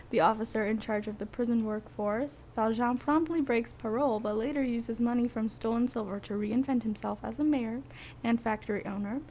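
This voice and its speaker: A woman's voice: a little high, a little hiss or hum. A young woman co-hosting a podcast, chatting casually with giggly, self-mocking asides. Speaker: podcast co-host. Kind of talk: casual chat.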